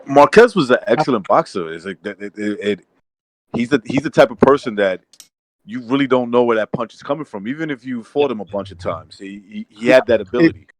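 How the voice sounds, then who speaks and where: A man's voice: mid-range voice, expressive, fairly quick, no room sound. A man hosting a boxing podcast, laid-back and friendly, with casual slang.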